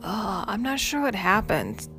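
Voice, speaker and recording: A woman's voice: medium pitch, big pitch swings, a little slow. A woman voicing a tired, confused young woman waking in a hospital, speaking weakly, in a story read over music. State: weak and tired. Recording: music playing underneath.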